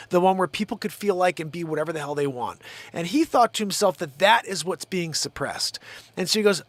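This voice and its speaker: A man's voice: sits high, dry recording. A man hosting his own show, ranting in a heated, profane, rambling way. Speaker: show host. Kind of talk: live-stream rant.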